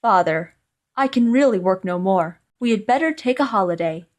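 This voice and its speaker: A woman voicing a clever young male scholar, calm and sure of himself, in a storybook reading. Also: mid-range voice, moderate pace, natural voice.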